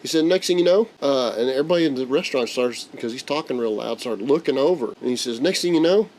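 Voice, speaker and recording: A man's voice: mid-range voice, quick pace, slight background noise. A man, the host of a livestream, casually telling a story and acting out the voices of the people in it. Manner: animated, acts out quoted voices. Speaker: channel host.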